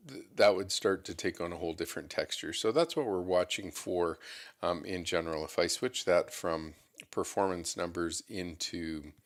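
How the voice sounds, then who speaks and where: A man hosting a market show, giving relaxed, unscripted commentary on stock charts as he thinks aloud. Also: deep voice, moderate pace. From Canada. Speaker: market analyst host.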